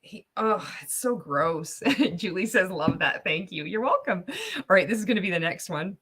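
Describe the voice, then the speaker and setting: A woman's voice: fairly low pitch, animated, moderate pace, a bit bright, breathy edge. A woman hosting a casual livestream reaction, chatty and laughing often as she talks. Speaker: host.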